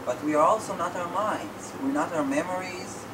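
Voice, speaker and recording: A man's voice: high voice, normal speed. A man from the audience posing a thoughtful question at a public talk. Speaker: audience member asking a question. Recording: noisy audience recording.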